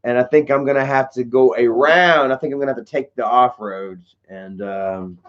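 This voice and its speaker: A man's voice: medium pitch, normal speed, highs cut off. A man hosting a livestream, telling rambling stories full of swearing, peppered with "you know" and "bro". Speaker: livestream host answering chat. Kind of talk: casual profane storytelling.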